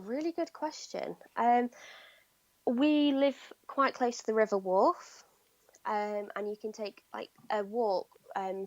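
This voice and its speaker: A woman guests on a podcast and talks with lively enthusiasm. Her voice sits in a middle pitch and sounds dry and close, with little room sound around it. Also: dry recording, muffled recording. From Yorkshire, England. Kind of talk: casual chat.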